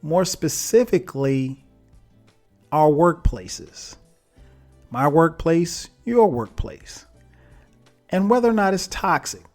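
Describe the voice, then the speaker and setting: A man's voice: fairly high pitch, expressive, takes it slowly, long pauses, darkish tone, faint music behind. Laid-back man hosting a solo podcast. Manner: laid-back and chatty with frequent laughs and fillers. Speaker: podcast host. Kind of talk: casual solo podcast monologue.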